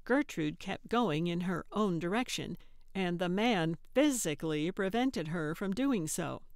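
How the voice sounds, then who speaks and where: A woman narrates an audiobook in a steady, measured way. Her voice sits a little low and takes its time. The sound is close and dry, with no room around it. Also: dry recording. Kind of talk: scripted narration.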